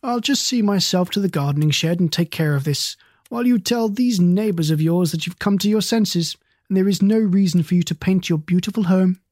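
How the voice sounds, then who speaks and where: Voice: mid-range voice, fairly quick, darkish tone, no room sound, natural voice. A fussy, courteous old star-keeper, voiced by a storyteller, portly and easily flustered. He talks politely and reaches for fancy words. The sound is close and dry.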